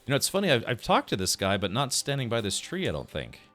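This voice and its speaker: A man's voice: medium pitch, huge pitch swings, fast, fairly bright tone, soft background music. A man streaming a game, chatting casually, thinking aloud and answering his chat. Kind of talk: casual gameplay commentary.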